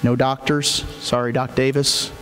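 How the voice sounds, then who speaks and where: A man's voice: medium pitch, flat delivery, unhurried, fairly bright tone. A male pastor preaching a sermon, emphatic and repeating his key phrases. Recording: echoey hall with faint hum.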